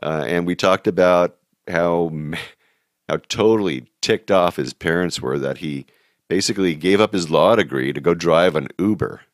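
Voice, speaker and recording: A man's voice: sits low, moderate pace, dry recording, clean studio sound. A man hosting a travel show, telling anecdotes in a chatty, easygoing way with plenty of fillers and chuckles. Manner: chatty, laughs at his own stories, many fillers. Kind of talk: casual anecdotal storytelling.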